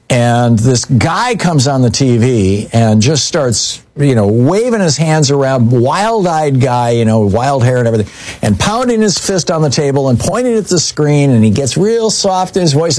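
A man's voice: lowish voice, a little mellow. A middle-aged man hosting a call-in radio talk show, chatting casually and telling long stories full of fillers and restarts. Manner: rambling, with many fillers and self-corrections.

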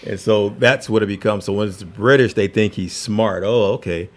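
A man's voice: fairly low pitch, moderate pace. A man hosting a casual interview chat, eager and chatty, reacting with interest. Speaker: host.

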